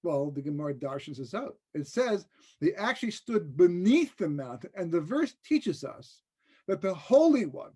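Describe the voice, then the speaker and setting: A rabbi giving a conversational, joking Torah class in a webinar, often checking in with the listeners. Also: male voice, sits high, sing-song, normal speed, a little mellow, breathy edge. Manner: conversational and joking, with frequent rhetorical "right?". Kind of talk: casual Torah lecture over a webinar.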